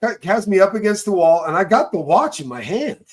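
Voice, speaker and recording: A man, host of an online call, telling a story in rambling casual chat that swings between loud bursts and low mutters. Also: big pitch swings, fairly quick. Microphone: video call.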